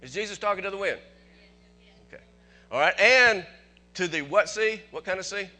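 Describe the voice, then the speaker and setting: Pastor guy preaching, high bright voice swinging all over, lots of questions to the crowd, faint music behind. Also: moderate pace. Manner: animated preaching, asks the congregation questions, chuckles often. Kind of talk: sermon.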